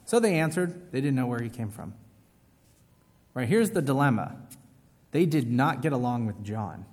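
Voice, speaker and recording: A man's voice: medium pitch, animated, normal speed, a little mellow, in a large hall. A man preaching a sermon in a casual, conversational way, often asking his listeners questions. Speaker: pastor.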